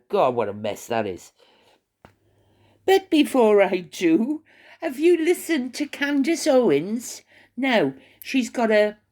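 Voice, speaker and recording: A woman's voice: medium pitch, darkish tone. An older woman vlogging from her retirement home, chatting in a rambling, gossipy way with many fillers. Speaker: YouTuber. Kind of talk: casual chat to camera.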